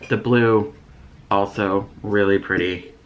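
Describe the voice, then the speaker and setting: A woman's voice: rumbling low, fairly even intonation, slow, muffled recording, slight background noise. A woman hosting a beauty unboxing vlog, chatting in an easygoing way. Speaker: beauty vlogger host. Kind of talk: casual unboxing chat.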